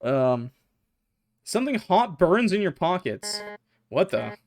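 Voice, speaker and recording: A man streaming a game, reading the characters' lines aloud in put-on higher voices between joking and swearing. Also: sing-song, slow, darkish tone. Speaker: gaming streamer. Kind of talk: let's play with voiced dialogue reading. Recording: music playing behind the voice. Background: game music.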